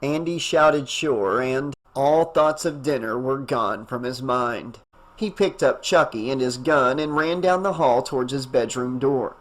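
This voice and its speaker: A man's voice: mid-range voice, unhurried. Man narrating an audiobook. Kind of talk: scripted narration.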